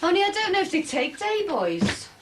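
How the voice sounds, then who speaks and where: An actress playing a sharp-tongued, nagging wife and mother. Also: very high voice, very animated, normal speed, background noise. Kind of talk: soap opera acting.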